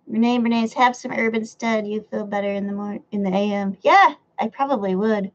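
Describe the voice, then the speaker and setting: A woman's voice: mid-range voice, fairly quick, highs cut off. A woman, live-streaming from home and chatting casually as she reads out her chat, swearing and laughing often. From United States. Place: home room near a window.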